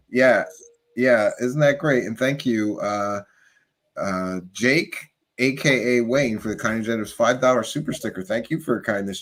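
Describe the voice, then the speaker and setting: A man hosting a live panel stream, easygoing and quick to laugh. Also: lowish voice. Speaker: host.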